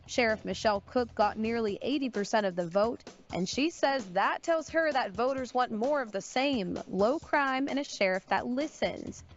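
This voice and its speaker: A woman reporter reads the news in a fairly high voice, with a crisp, even newsreader delivery. The radio sound is a little dull. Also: moderate pace, hardly any pauses, faint music behind. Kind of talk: scripted news read.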